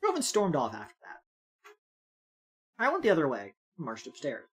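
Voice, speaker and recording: A sensitive goth girl tells her story in a soft, lowered voice, quiet and subdued, as a woman reads her lines. Her pitch still drifts up and down. Faint music plays underneath. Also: huge pitch swings, normal speed, breathy edge, heavily acted.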